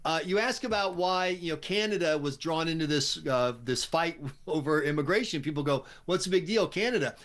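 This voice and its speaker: An American man appearing as a guest commentator on talk radio, speaking in a brisk, wry, opinionated way. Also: fairly high pitch, a bit bright. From United States.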